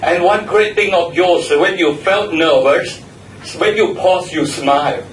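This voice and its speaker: A man evaluates the speakers at a club meeting, repeating words and spelling some out. His voice sits a little high for a man. He is picked up from across an echoey room, with faint noise behind. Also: unhurried. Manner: repeats and spells out words, gives warm feedback. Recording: echoey room, mic far off.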